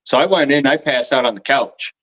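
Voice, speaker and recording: A man's voice: mid-range voice, a little fast, a bit bright. A man chatting easygoingly on a casual podcast, recalling a trip. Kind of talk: casual chat.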